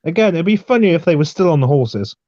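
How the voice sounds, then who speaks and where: A man on a live stream, making blunt deadpan remarks. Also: fairly high pitch, quick pace, no room sound. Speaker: stream co-host. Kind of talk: casual live-stream banter. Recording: dull dry lo-fi mic.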